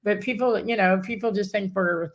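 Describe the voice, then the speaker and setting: Speaking as a guest in a casual conversation, a middle-aged woman recounts her own story, wandering off track, cutting herself off mid-sentence and voicing other people's lines. She has a medium-pitched voice with fairly even intonation and a moderate pace.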